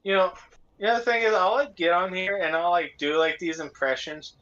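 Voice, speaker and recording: Guy rambling on a podcast, bright voice, lo-fi dull audio. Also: sits high, fairly even intonation, a little fast. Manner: rambling, many fillers, laughs a lot. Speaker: podcast co-host. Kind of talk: casual chat. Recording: dull lo-fi sound.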